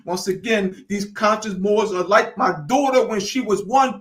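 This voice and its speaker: A man lectures with mounting fervor, hammering the same phrases over and over. His voice sits high for a man, and he slips into casual dialect as he preaches. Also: unhurried, few pauses, a bit bright. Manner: preachy and repetitive, building in fervor; informal, drops into dialect. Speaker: host. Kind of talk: impassioned lecture.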